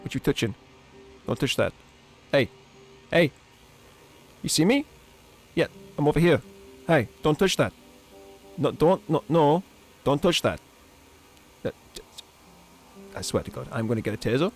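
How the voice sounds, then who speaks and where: A playful male streamer chats over his game with a lively, swinging pitch. Game music plays in the background. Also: unhurried, pauses often, husky. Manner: playful, joking, animated. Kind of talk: live game commentary.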